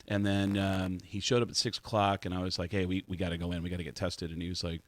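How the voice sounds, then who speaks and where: A man's voice: low-pitched, fast. A man on a radio show as a comedian guest, telling anecdotes in casual chat and acting out each line of dialogue. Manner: animated anecdote teller, acts out dialogue. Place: radio studio.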